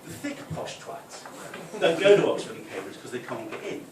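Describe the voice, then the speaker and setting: A young man from the North East of England with a softened Geordie accent, doing a chatty stand-up routine. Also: mid-range voice, big pitch swings, normal speed. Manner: chatty, with tag questions; loud put-on voices for punchlines. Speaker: stand-up comic. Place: club function room. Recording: echoey room, distant, noisy.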